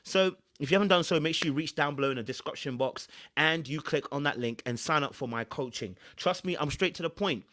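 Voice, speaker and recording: A man's voice: fairly high pitch, a little fast, hardly any pauses, bright, forceful tone. A man, a relationship coach giving emphatic, preachy reaction commentary.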